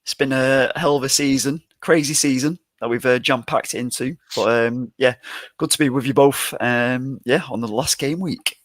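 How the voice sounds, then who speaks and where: A man's voice: mid-range voice, moderate pace, no room sound. An easygoing man chats about football in a mid-range voice. He sounds keen, and the mic is close and dry. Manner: easygoing, enthusiastic football fan. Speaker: podcast co-host. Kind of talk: casual podcast banter.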